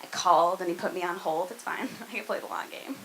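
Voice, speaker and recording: A woman's voice: lowish voice, fast talker, poor audio. A young woman from the American South doing a conversational stand-up set in a comedy club, poking fun at herself and checking in with the crowd. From Arkansas, US South. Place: comedy club room with live audience.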